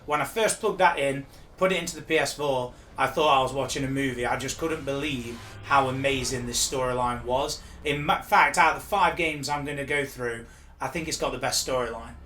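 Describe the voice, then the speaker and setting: A man's voice: medium pitch, brisk, pushed and bright, a little hiss or hum. A man appearing as a guest, chatting casually and enthusiastically about games. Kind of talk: casual chat.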